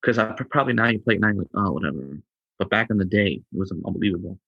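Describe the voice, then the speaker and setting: A man's voice: fairly low pitch, animated, very fast, breathy edge, no room sound, muffled recording. A man co-hosting a podcast in casual chat, laid-back, often stammering and restarting his sentences. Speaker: podcast co-host.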